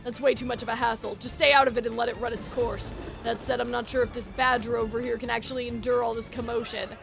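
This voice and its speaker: A woman voicing a lazy, dismissive young man from a game, in a lowered drawl. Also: steady tone, quick pace, vocal fry, fairly bright tone, soft background music.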